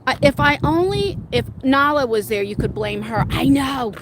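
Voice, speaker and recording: A middle-aged woman livestreaming from her phone on an outdoor walk, telling rambling, excitable stories to her viewers. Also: high-pitched, moderate pace, background noise. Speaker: livestream host. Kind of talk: casual live-stream chat. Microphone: phone held at arm's length.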